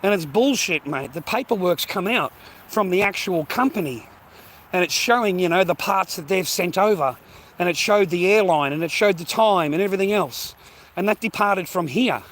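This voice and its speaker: An animated Australian man with a high, slightly bright voice talks at a moderate pace during a casual walking vlog rant outdoors. He rambles, swears and uses slang, sounding slightly out of breath.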